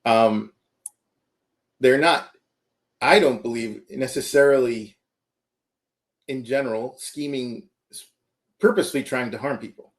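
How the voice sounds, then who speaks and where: A man's voice: mid-range voice, a little slow, long pauses. A man, a computer science professor, giving earnest interview answers and checking in with the listener as he explains.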